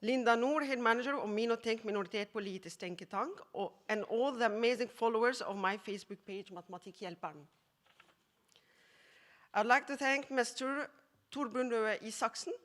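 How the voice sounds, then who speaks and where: Her medium-pitched voice a bit bright, a math teacher from Egypt delivers a moving acceptance speech, frequently breaking into laughter and filling her pauses.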